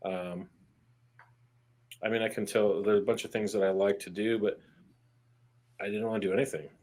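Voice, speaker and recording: Fairly low and a bit dark in tone, this army veteran's voice holds a fairly even intonation at a moderate pace during a candid podcast interview. He speaks earnestly and plainly, curses casually, and starts phrases over when pushing a point.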